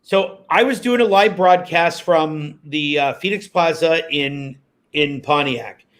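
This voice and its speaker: A man's voice: fairly high pitch, slow pace. A man, a former radio host and guest, telling stories in a casual interview, acting out quotes as he goes. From Canada. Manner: animated storyteller, acts out quotes.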